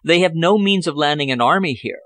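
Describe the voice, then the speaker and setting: A man's voice: on the high side, expressive, fairly quick, fairly bright tone, no room sound, voice pushed up. A man voicing a hearty, confident diplomat who explains affairs expansively in an audiobook. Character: Bellamy, confident man-about-town diplomat.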